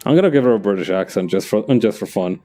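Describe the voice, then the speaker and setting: A man's voice: on the low side, lively intonation, fast talker, dark tone, soft background music. A man making loose, joking asides while dubbing a game himself. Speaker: fan dubber and streamer. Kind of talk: casual commentary between lines.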